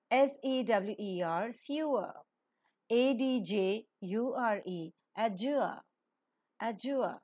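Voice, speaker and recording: A woman teaching a scripted phonetics lesson. She spells words out letter by letter and then says each one carefully. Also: mid-range voice. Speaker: pronunciation teacher.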